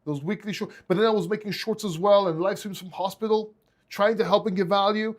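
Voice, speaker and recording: Man, Greek accent, high voice, casual heartfelt talk to viewers, stumbling restarts. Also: steady tone, brisk. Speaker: crypto YouTuber.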